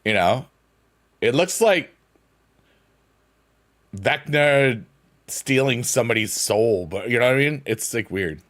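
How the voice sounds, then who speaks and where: A young man rambles through a casual live stream as he plays, playful and loose. His pitch swings widely, jumping into silly high sing-song noises and dropping back to easy chat. He sounds close to a desk mic, with keyboard clicks and tapping nearby. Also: expressive, slow pace, pauses often, a bit bright.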